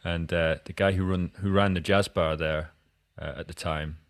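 A man's voice: deep voice, steady tone, moderate pace, no echo. A Scottish man hosting a podcast interview, talking in a loose, rambling way with many restarts. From Scotland. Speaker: podcast host. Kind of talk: casual interview chat.

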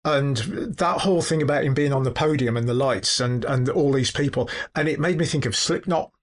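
A man's voice: mid-range voice, moderate pace. Rambling, enthusiastic man co-host. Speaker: podcast co-host. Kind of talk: casual book chat.

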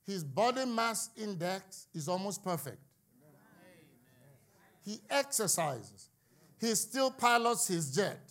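A high-pitched man delivers a sermon to his congregation. He preaches with fervor, climbs to near-shouts on his key points, and breaks it up with playful jokes. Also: big pitch swings, slow. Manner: impassioned, building to shouts, with joking asides.

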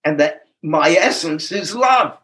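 A man's voice: fairly high pitch, animated, slow, fairly bright tone. An older man in his seventies giving a reflective, earnest personal recovery testimony, chuckling at himself and stressing key words. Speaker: speaker sharing at a recovery meeting.

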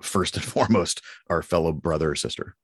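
A man co-hosting a podcast, telling stories in an animated, affirming way in casual discussion. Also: deep voice, fairly quick, breathy edge, no room sound, studio quality. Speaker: podcast co-host.

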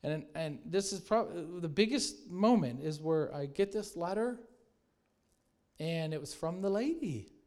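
A man preaching a sermon with animated storytelling, growing soft and hushed at reverent moments. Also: fairly high pitch, measured pace. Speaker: pastor.

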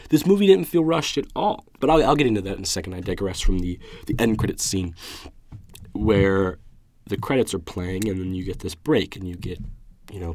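Young man, low voice, casual solo film review, gushing, rambling, dry close sound. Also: no echo. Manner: enthusiastic, emotional, rambling with restarts. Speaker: podcast host reviewing a film.

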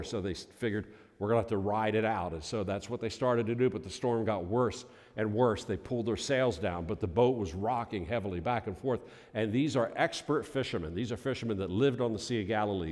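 Man preaching in a reverberant hall. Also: lowish voice. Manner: folksy storytelling, building to loud emphatic peaks. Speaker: pastor. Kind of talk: sermon. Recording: long reverb of a large hall.

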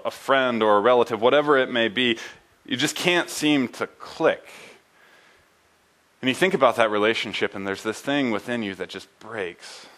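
A man preaching a sermon in a church building, earnest and halting, with frequent fillers and restarts. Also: lowish voice, a bit bright. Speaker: pastor.

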